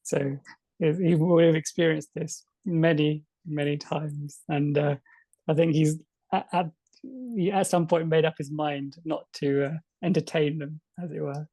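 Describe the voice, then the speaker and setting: A man co-hosting a book discussion podcast, speaking in a measured, reflective way with some fillers. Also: fairly high pitch, fairly even intonation, dark tone, no echo. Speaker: podcast co-host.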